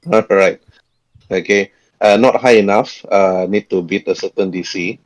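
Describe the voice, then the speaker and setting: A man running a tabletop game as game master, talking in a halting way with frequent chuckles. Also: sits low, poor audio.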